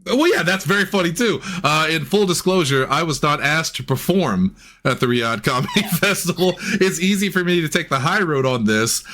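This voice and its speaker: Guy on a podcast going off about stuff, swears a lot, bright voice. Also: on the high side, expressive, normal speed. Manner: ranting, profane, heated. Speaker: podcast host. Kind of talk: casual chat.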